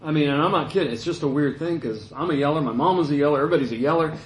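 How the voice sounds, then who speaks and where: A middle-aged man preaching a sermon in a conversational, storytelling way, dropping to a hush and rising again. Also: on the high side, racing, reverberant, low-quality recording. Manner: conversational, anecdotal, shifts between loud and hushed.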